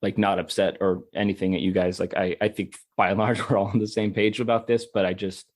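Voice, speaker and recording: A man's voice: on the low side, little pitch movement, a little fast. A man co-hosting a podcast, emphatic and frustrated, emotional and stumbling over repeated words as he argues politics. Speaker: podcast co-host. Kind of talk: heated political discussion.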